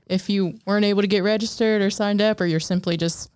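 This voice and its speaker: A woman's voice: medium pitch, steady tone, fast, a little mellow, smooth, no room sound. A woman co-hosting a casual podcast chat, chiming in with short remarks, teasing and laughing. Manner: brief interjections, teasing, laughs often. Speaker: podcast co-host.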